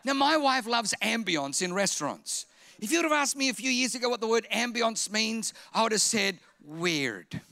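A male pastor delivers a sermon in a high, bright, ringing voice. He tells funny stories with big energy and sometimes rises to a shout. The sound is dry and close. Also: a little fast, vocal fry, no echo. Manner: animated humorous storytelling, bursts into shouting.

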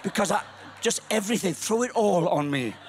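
A man in his sixties preaching a humorous storytelling sermon, lively, rising to shouts. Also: high voice, fairly quick, a little hiss or hum. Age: 60s. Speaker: pastor.

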